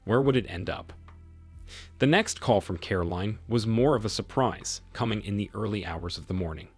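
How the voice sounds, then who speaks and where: A man's voice: fairly low pitch, normal speed, darkish tone, breathy edge. A middle-aged man narrating a first-person story with dry sarcasm, over faint music. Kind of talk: scripted narration.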